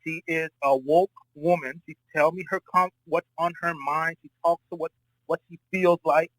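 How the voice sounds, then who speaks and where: A man's voice: a little high, fairly even intonation, moderate pace, a bit bright, no room sound, low-quality recording. A man from Florida calling into a debate and telling a long, profane personal story in a rambling way. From Florida, United States. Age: adult, married. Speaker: debate caller. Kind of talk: casual spoken debate.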